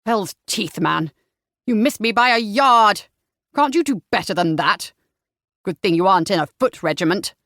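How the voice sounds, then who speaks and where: A woman narrator voicing a gruff young army officer, brisk and teasing. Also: medium pitch, expressive, fairly bright tone, no echo, studio quality.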